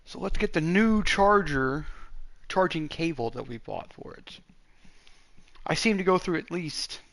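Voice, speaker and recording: A man's voice: fairly high pitch, expressive, measured pace, gravelly, fairly bright tone, dry recording. Rambling man chatting casually at home. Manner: rambling, swears, talks to himself while hunting for things. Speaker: gaming channel host. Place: at home in a room.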